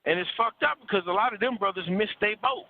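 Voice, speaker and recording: A man with a fairly high voice lectures bluntly and preachily, swearing freely and hammering points by repeating words. He is heard over a thin, phone-like call line with little low end. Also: fast. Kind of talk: casual call-in talk about relationships.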